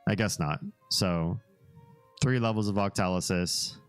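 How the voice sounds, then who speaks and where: Deep-voiced, easygoing man streaming live. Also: measured pace, clean tone, faint music behind. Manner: easygoing and rambling, drifting into asides and small laughs. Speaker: livestream host. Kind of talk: casual livestream chat, reacting to a web page and chat.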